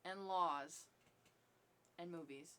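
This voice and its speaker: A woman's voice: fairly low pitch, slow, sharp tone, a little hiss or hum. A young woman co-hosting a casual podcast, chatty and blunt, laughing easily. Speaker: podcast co-host. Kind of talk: casual chat.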